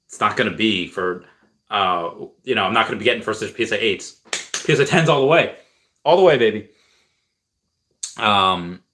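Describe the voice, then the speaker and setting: Here's a man with a fairly low voice chatting casually on a livestream. He rambles and repeats himself as he answers viewer questions, stumbling through restarts and filler words. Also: sharp tone. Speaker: crypto streamer answering viewer chat.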